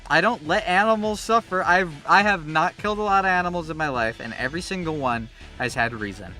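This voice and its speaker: Bright-voiced young man, rambling stream chat. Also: a little high, brisk, hardly any pauses, soft background music. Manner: rambling, animated, swears freely. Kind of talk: casual chat while gaming.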